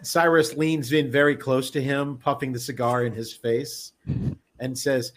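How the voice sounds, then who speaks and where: A man playing a tabletop game, describing his character's actions in a measured way. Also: mid-range voice, little pitch movement, a bit bright. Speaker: player.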